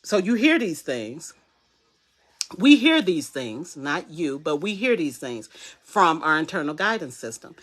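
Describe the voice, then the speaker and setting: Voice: mid-range voice, big pitch swings, measured pace, fairly bright tone. Conversational motivational speaker, live talk. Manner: conversational, acts out inner voices and quoted dialogue; repeats key phrases for emphasis. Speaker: wellness coach.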